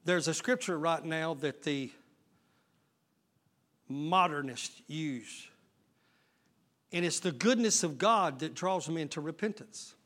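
A male pastor preaching a sermon, swelling into loud shouted passages. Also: on the high side, slow, long pauses. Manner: preaching with sudden shouted surges and folksy Southern-style talk.

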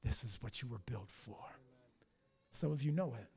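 A man preaching a fiery sermon as pastor, swinging from hushed lines to shouted ones. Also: medium pitch, lively intonation, moderate pace, creaky, husky.

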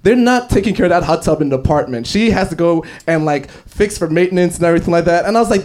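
A man's voice: fairly high pitch, big pitch swings, fast, hardly any pauses, a little mellow. A young man doing a stand-up comedy set, telling stories with lots of fillers and laughing along. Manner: storytelling, with frequent fillers and laughs. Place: comedy club stage.

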